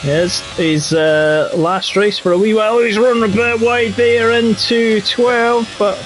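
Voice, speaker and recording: A man's voice: high voice, fairly even intonation, a little slow, slight background noise. A man with a Yorkshire accent commentating a racing game live, chatty and jokey. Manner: chatty and jokey, drifting into banter. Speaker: league race commentator.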